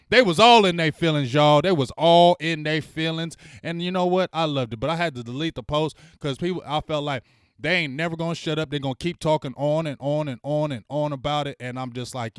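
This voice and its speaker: A man hosting a fan channel, ranting bluntly and with plenty of swearing as he heckles rival fans and shouts out viewers in his live chat. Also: fairly high pitch, clean tone, no room sound, clean studio sound. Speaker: sports fan channel host.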